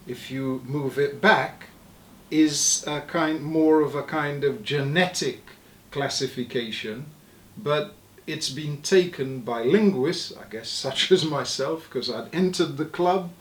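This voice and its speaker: Slow, measured male linguist; roomy interview sound. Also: a little high. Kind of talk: explanatory interview talk.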